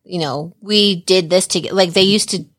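A woman co-hosting a podcast in casual chat, blunt and swearing, telling stories with lively animation. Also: lowish voice, moderate pace, no room sound. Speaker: podcast co-host.

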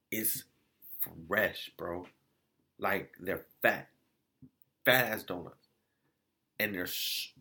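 Hyped guy ranting about food he ate, lowish voice but swings all over, bright edge. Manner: animated, slangy storytelling with many restarts. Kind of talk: casual food review vlog.

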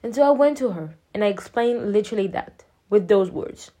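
A woman's voice: medium pitch, expressive, warm tone. A young woman vlogger telling a personal story in a chatty, rambling way. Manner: chatty and rambling, full of "like" and quick laughs.

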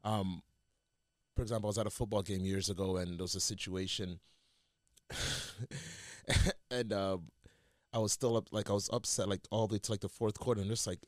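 A man's voice: fairly low pitch, steady tone, normal speed, long pauses, no room sound, studio quality. A man co-hosting a podcast in casual chat, rambling with many restarts and acting out what he says to himself. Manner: rambling, many restarts and quoted self-talk. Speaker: podcast co-host.

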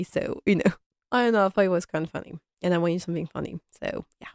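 Young woman gushing about a show episode, laughy, lotsa "like", lowish voice, dry sound. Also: fairly even intonation, quick pace, vocal fry, a little mellow, dry recording. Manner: chatty and enthusiastic, laughs often, many "like" fillers. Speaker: fan reviewer of a TV series. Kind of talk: casual episode recap.

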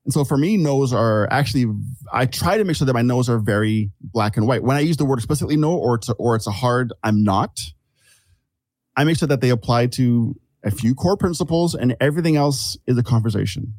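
A man chats as a guest on a casual podcast, reflecting as he tells stories, often restarting his sentences and calling himself an overthinker. His medium-pitched voice is fairly quick and slightly mellow, with lively intonation and no echo.

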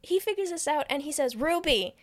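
A woman co-hosting a podcast, casually recapping a film plot in an animated, profane way with frequent laughter. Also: on the high side, moderate pace. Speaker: podcast co-host. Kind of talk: casual movie recap chat.

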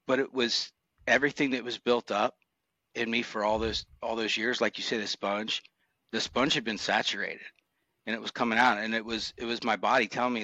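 A retired motorcycle cop, speaking in a lowish, steady voice that is bright and forceful, tells stories from his police career at a moderate pace. The interview is candid, and his recollections come across as earnest, reflective, and emotional. The recording has no echo but sounds muffled.

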